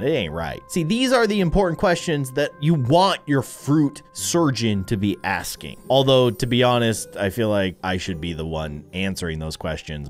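Goofy American man with lively pitch jumps. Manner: goofy, rambling, jumps from mumbled asides to excited squeals. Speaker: gaming YouTuber. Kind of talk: comedic gameplay commentary.

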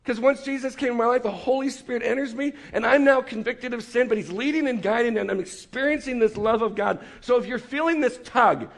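A man preaching a lively, joking sermon to a student meeting, acting out quick voices as he goes. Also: very high-pitched, creaky. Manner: animated, joking, acts out voices. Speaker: campus ministry speaker. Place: meeting room with an audience.

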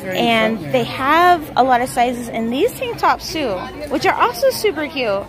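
In a sing-song, high-pitched voice, a young woman vlogs casually while shopping, chatting and reading prices out fast. Loud store music plays behind her in the large store, captured on a handheld camera with poor audio.

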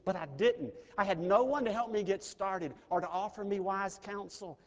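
A middle-aged pastor from Mississippi, preaching an earnest, personal sermon that swells in intensity. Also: male voice, high voice, normal speed, lo-fi sound. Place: large chapel. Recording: chapel recording with long reverb.

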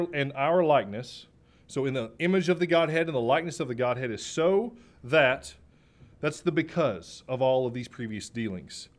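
Fairly high-voiced male preacher. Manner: emphatic, repeats key phrases, slows down on main points; clears throat now and then. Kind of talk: sermon.

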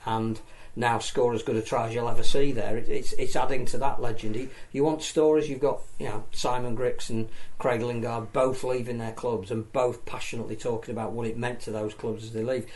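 A man's voice: mid-range voice, brisk, hardly any pauses. A man on a rugby league talk show, chatting loosely with plenty of restarts and repeated words. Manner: rambling, many restarts, animated storytelling. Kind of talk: casual studio discussion.

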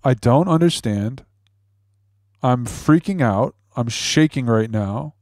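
A man's voice: medium pitch, animated, slow pace, darkish tone, no echo, clean studio sound. A man playing a panicky adult son who stammers and repeats himself during a scam-bait call. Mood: flustered.

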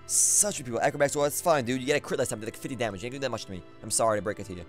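A young man giving live commentary on his own online game battle, excitable and trash-talking, repeating phrases as he plays. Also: medium pitch, very fast, soft background music. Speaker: gaming commentator.

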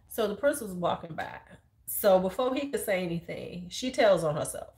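A Chicago-accented woman in her forties, a high school teacher, tells stories at a moderate pace in casual conversation. She's blunt, profane and animated, acting out the people she quotes.

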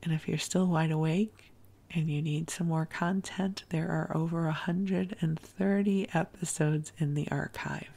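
A woman hosting a bedtime podcast, talking softly and gently, partly in a whisper. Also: sits low, steady tone, unhurried, creaky. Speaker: podcast host. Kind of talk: soothing bedtime storytelling.

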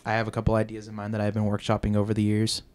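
A man's voice: lowish voice, very fast. A young man, a voice actor, talking casually and animatedly as a podcast guest. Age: young adult. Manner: chatty, animated, self-deprecating.

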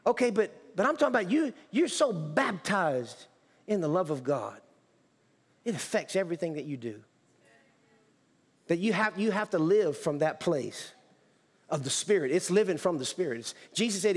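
A man's voice: sits high, slightly rough. A male pastor preaching a sermon in a church, emphatic, with repetitions and restarts. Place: church sanctuary. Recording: church hall reverb.

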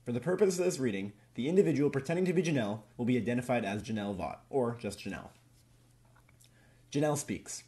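A young man narrating a police evidence transcript in a deliberate, formal reading. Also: medium pitch, animated, mellow, natural voice. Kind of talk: read-aloud case transcript narration.

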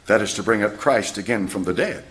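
A man's voice: on the low side, brisk, fairly bright tone. A man preaching a sermon in a church, firing rhetorical questions at his congregation. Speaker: pastor.

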